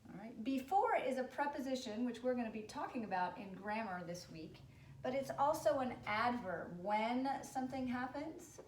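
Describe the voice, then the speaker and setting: A woman teaching children a spelling lesson, cheerful and encouraging, spelling words out slowly. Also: a little high, lively intonation, reverberant, a little hiss or hum.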